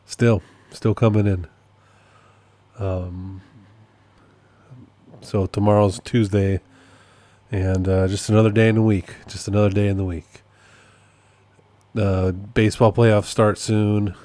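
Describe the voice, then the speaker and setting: Rambling, self-amused man, low mellow voice. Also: level tone, takes it slowly, long pauses, dry recording. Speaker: podcast host and process server. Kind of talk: casual solo podcast update.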